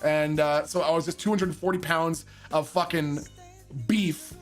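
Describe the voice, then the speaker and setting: A man casually telling a funny story, animated and laughing often, swearing freely and acting out drunken quotes in a raised voice. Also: on the high side, unhurried, faint music behind.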